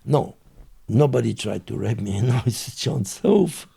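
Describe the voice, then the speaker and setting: A man with a French accent tells a story as an interview guest. His voice is gravelly and husky, with a dark, mellow tone. His English is broken and halting, full of fillers and restarts. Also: medium pitch, animated. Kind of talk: casual storytelling.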